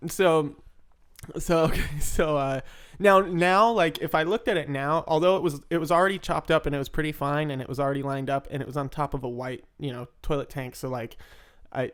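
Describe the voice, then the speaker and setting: Man, slightly high voice, casual storytelling, animated, laughs a lot. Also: a little fast, clean tone. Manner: animated, laughs often, mimics others loudly. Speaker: interviewee in recovery.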